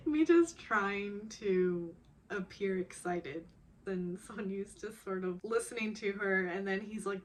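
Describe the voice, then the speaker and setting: A young woman recaps a drama in a slow, unhurried way, stretching out her words. She gets emotional and giggly as she acts out the characters' lines. Her pitch sits in an ordinary middle range. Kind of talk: casual recap monologue.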